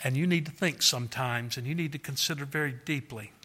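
A man's voice: mid-range voice, fast, sharp tone, long reverb tail. A man preaching a sermon in an earnest way, often repeating words and raising his voice to act out quotes. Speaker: pastor.

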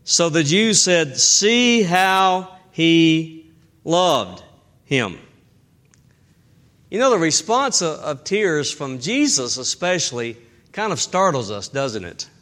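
A middle-aged man preaching a sermon as pastor, emphatic and slowing down to stress key phrases. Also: a little high, sing-song, a bit bright.

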